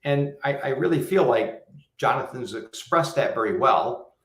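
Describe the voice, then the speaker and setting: Measured male guest in an echoey room. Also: mid-range voice, expressive, a bit bright. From US Midwest. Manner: measured, articulate, explains at length. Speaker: guest panelist. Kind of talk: livestream panel chat.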